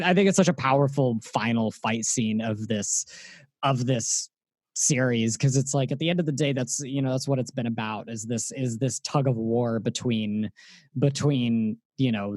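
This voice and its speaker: A man's voice: medium pitch, a little slow, no room sound. A man chatting enthusiastically about films on a podcast, often repeating words as he thinks. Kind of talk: casual podcast chat about a film.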